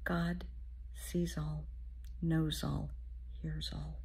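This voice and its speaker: A middle-aged woman therapist giving a motivational talk, speaking softly and often half-whispering, calling the listener honey. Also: sits low, unhurried, creaky, long pauses, slightly rough.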